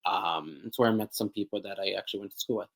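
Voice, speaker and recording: A young man speaking as a podcast guest, talking casually and hesitantly with many pauses and restarts as he searches for words. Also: lowish voice, creaky, poor audio. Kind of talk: casual interview conversation.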